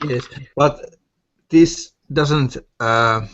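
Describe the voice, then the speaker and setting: Man, mid pitch, slow halting speech, casual voice chat, dull lo-fi sound. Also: a bit bright, slight background noise. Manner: halting, hesitant, searching for words. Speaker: gun owner in an online voice chat. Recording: muffled voice-chat audio.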